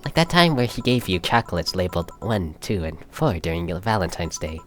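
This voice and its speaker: In a fan reading of a visual novel, a man voices a calm young woman who lost her sister, speaking softly, fondly, and in a measured, explanatory way. His voice sits low, with faint music behind.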